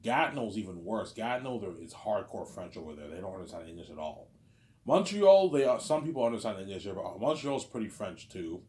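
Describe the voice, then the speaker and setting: In a lowish, slightly mellow voice with a sing-song lilt, a thirties-aged male vlogger talks a little fast. His casual monologue wanders and repeats, peppered with the fillers "obviously" and "you know what I'm saying."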